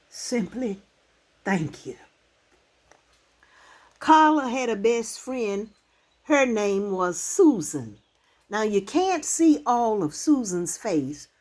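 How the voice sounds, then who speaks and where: A woman, talking to her channel's viewers to camera in a heartfelt, halting, emotional way. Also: medium pitch, sing-song, darkish tone. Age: 60s. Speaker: channel host. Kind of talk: casual talk to camera.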